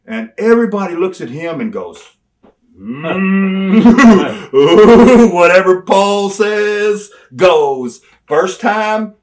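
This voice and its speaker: An older man, telling animated, folksy stories as an interview guest and laughing along the way. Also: high-pitched, slow pace, few pauses. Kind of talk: storytelling in a sit-down interview.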